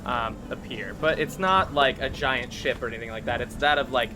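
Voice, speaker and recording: A man narrating as game master of a tabletop game, casual and quick to laugh. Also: mid-range voice, music in the background. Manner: casual, laughing, voices his characters.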